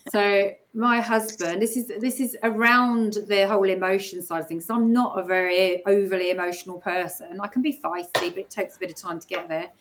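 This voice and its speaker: Woman, casual storyteller, animated and laughing. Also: medium pitch, brisk, a little hiss or hum. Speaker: guest speaker.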